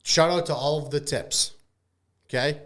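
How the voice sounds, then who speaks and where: A man hosting a casual gaming podcast, signing off with loud, profane, mock-angry hype. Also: a little high, steady tone, a little slow. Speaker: podcast host.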